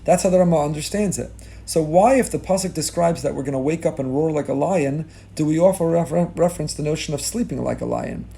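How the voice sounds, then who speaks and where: Middle-aged rabbi preaching, fired up, dark mellow voice a bit high, hebrew terms sprinkled in. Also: male voice, quick pace, vocal fry. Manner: impassioned, rising emphasis on key lines; mixes Hebrew and Yiddish religious terms. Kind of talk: sermon.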